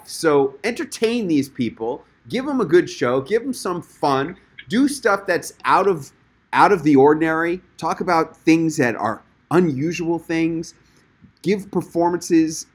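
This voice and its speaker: A man's voice: a little high, slightly rough. A man hosting a webinar and coaching speakers with emphatic, enthusiastic encouragement.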